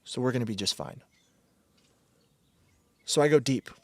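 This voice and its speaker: A man with a medium-pitched, slightly mellow voice hosts his podcast alone at normal speed, with no echo. He digresses constantly, swears, and stops mid-sentence to start fresh.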